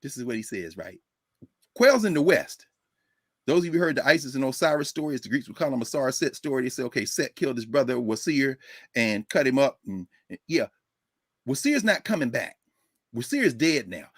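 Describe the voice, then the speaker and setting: A man lectures in a lively, informal way, swinging his pitch widely like a preacher telling a story. His voice is husky and on the high side, and it sounds dry and close. He laughs often between points. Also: brisk, no echo.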